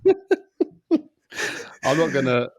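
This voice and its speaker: A man co-hosting a casual podcast with his brother, excitable and quick to exclaim. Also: medium pitch, slight background noise. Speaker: podcast co-host. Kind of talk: casual chat between brothers.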